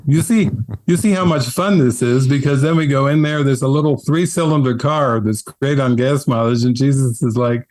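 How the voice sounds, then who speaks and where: A man and spiritual teacher telling his story in an interview, earnest and animated, often laughing. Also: mid-range voice, normal speed.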